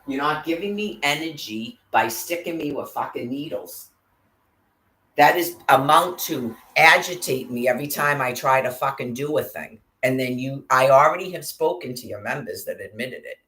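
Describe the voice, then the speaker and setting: A woman's voice: a bass voice, animated, normal speed, a bit bright. A woman in an agitated, profanity-filled angry monologue to camera. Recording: roomy echo.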